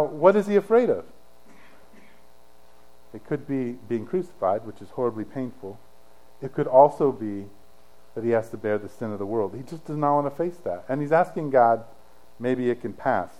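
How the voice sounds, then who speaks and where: A middle-aged male pastor preaching a sermon in a casual, conversational way, telling the story with dramatic swings from emphatic to hushed. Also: medium pitch, low-quality recording.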